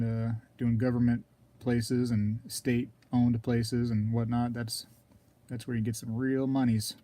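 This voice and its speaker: Male live streamer, casual rambler, warm low-key voice, frequent throat clearing. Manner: rambling, talks to viewers in chat, clears throat often. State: throat scratchy, keeps coughing.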